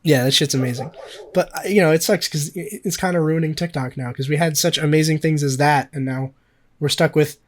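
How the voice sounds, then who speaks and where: A man's voice: fairly high pitch, steady tone, brisk, slight background noise. A young man co-hosting a podcast in casual chat, rambling and swearing with lots of fillers. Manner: rambling, profane, filler-heavy. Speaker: podcast co-host.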